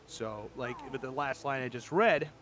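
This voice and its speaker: A man's voice: mid-range voice, normal speed, fairly bright tone. A voice actor talking casually in a stream interview, explaining his craft thoughtfully with frequent restarts. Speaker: voice actor guest.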